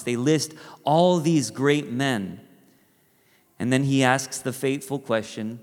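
A man delivers a sermon in a relaxed, conversational way, tossing in asides and acting out the lines he quotes. His voice sits at an ordinary pitch and carries a long reverb, like a large hall. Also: slow pace. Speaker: preacher.

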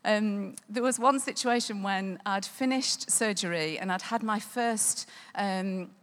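A woman tells a personal faith testimony, chatty and full of ums. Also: mid-range voice. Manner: conversational with frequent ums and laughter. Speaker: speaker sharing a testimony.

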